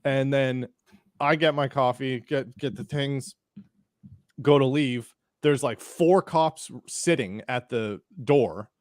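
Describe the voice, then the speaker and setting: Guy rambling thru a story on a podcast, lots of likes and restarts, mid pitch, dead dry mic. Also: takes it slowly, no room sound. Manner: rambling anecdote with acted-out quotes, frequent likes and restarts. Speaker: podcast host. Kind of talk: casual chat, storytelling.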